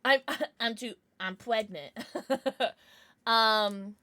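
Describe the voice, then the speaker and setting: A woman's voice: fairly high pitch, bright, forceful tone. A young woman livestreaming from home, chatting casually and gushing over gifts and viewers. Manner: bubbly, gushing, quick swings to squeals and mumbles. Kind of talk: casual chat.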